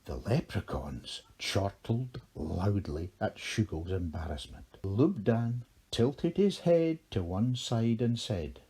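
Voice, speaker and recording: Slow, mellow male storyteller. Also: fairly low pitch, breathy edge. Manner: measured and expressive. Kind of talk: storybook narration.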